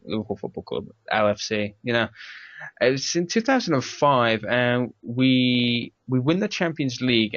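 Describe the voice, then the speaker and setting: A man's voice: mid-range voice, fairly bright tone, dry recording. A man with an English accent hosting a casual podcast chat, rambling and laughing often. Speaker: podcast host. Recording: dry, dull lo-fi mic.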